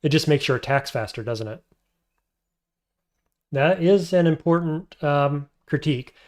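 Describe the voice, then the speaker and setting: A man's voice on the high side, expressive and darkish, comes through unhurried as he streams a game. He thinks aloud about which options to take and responds to chat, casual live-stream commentary throughout.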